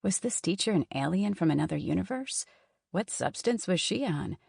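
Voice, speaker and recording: A woman's voice: on the low side, animated, normal speed, gravelly, a little mellow, slightly rough, no room sound, studio quality. A woman narrating a self-help audiobook in a wry, conversational reading. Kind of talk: scripted narration.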